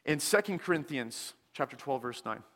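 A man preaching a sermon in a church, speaking slowly and deliberately with many pauses, often dropping to a soft, hushed tone. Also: medium pitch, expressive, big-room sound. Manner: slow, deliberate delivery with frequent pauses, dropping softer on scripture. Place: church sanctuary.

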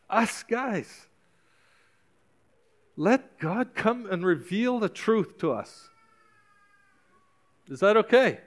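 A man's voice: high voice, fairly bright tone. A male pastor preaching a sermon with passion, urging and exhorting his congregation with repeated calls.

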